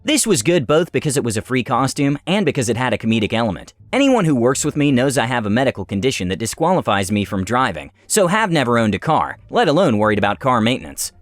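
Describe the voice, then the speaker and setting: A man narrating stories, reading them aloud in an expressive, animated way. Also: medium pitch, fast, few pauses. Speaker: story narrator. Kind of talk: storytelling narration.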